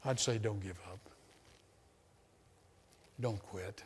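Guy preaching a sermon, keeps repeating himself for emphasis, goes loud then quiet, big echoey hall. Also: medium pitch, moderate pace. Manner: emphatic, repetitive, shifts between loud and hushed.

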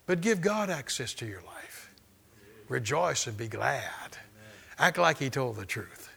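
A man's voice: mid-range voice, very animated, measured pace, creaky, a bit bright, husky. A man preaching a charismatic sermon, fervent and exclaiming, often repeating words and restarting. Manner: fervent, exclaiming and laughing in faith.

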